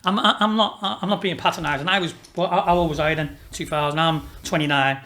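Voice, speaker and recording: A man's voice: on the high side, quick pace, pushed and bright. A man, a podcast guest telling stories in casual chat, swearing freely and laughing through them. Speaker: racehorse owner and businessman, podcast guest. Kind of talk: casual storytelling interview.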